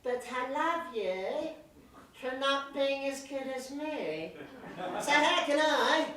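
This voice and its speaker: A woman's voice: sits high, animated, takes it slowly, fairly bright tone, heavily acted. A woman on stage playing a boastful, sneering elderly male cricket board chief. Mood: gloating. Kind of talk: stage comedy acting. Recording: echoey theatre stage from far off.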